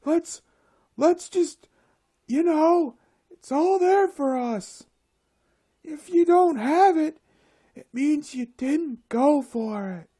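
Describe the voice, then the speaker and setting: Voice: high-pitched, animated, slow pace, long pauses, mellow, voice pushed up. A person putting on a mocking, sing-song voice for a breezy know-it-all airhead who preaches that success is easy.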